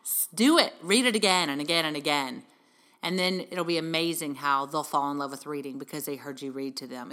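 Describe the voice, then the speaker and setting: With a low voice and a sharp tone, a middle-aged woman hosts a motivational talk for mothers. As a podcast host and parenting speaker, she's earnest and encouraging, posing rhetorical question after rhetorical question.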